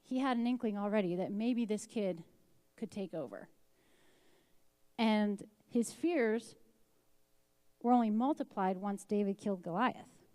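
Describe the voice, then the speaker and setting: A woman's voice: medium pitch, measured pace, long pauses, darkish tone, dry recording. A woman teaching an informal Bible lesson in a conversational way, reading scripture aloud and dramatizing the quotes.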